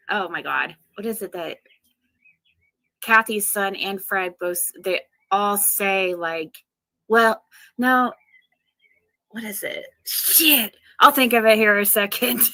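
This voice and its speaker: A woman with a bright, tense voice chats slowly on a livestream. She muses aloud and hunts for the right word. The sound is close and dry. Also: mid-range voice, no room sound. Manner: unhurried, muses aloud, searches for words. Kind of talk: casual livestream chat.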